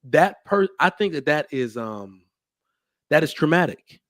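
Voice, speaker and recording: Male podcast host, lively storyteller, dry close mic. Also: a little high, a little slow, no room sound. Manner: animated storyteller, acts out quotes. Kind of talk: casual chat.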